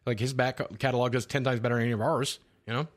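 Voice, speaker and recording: This podcast guest, a man on a group voice call via a call-in mic, has a mid-range voice with fairly even intonation and talks very fast. In casual podcast chat, he rambles bluntly through profane stories.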